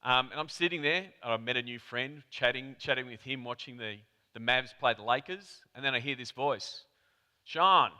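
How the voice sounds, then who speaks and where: An Australian man from Melbourne giving a conference talk, telling a chatty anecdote with quick asides to the audience. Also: mid-range voice, bright, forceful tone, clean tone. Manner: chatty storyteller, rapid asides. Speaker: conference presenter. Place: conference hall. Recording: reverberant hall.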